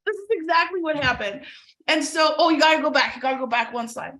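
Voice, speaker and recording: A middle-aged woman from Canada tells a story to a webinar audience with a high, bright voice. She brings the story to life by acting out the people in it. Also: fast talker. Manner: animated storyteller who acts out voices. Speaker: webinar presenter.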